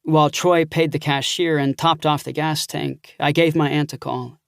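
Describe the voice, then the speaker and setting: Gravelly male audiobook narrator, dry. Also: a little high, moderate pace, no room sound. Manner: steady first-person storytelling with dialogue.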